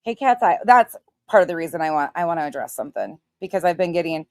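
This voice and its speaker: A woman's voice: lowish voice, lively intonation, fast, a little mellow, no echo, clean studio sound. Blunt, profane woman in her forties. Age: 40s. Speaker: livestream host. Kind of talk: casual livestream chat greeting viewers.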